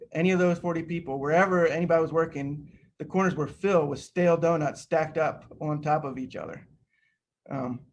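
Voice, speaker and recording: A middle-aged man telling an anecdote during a seminar talk over a video call, lively and full of restarts. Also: fairly high pitch. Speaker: seminar speaker, rocket scientist.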